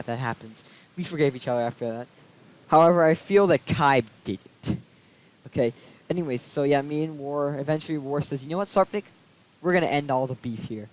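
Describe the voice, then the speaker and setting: A man's voice: medium pitch, low-quality recording. A young man vlogging a casual storytime rant, aggrieved and swearing freely as he recounts a falling-out. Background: soft background music.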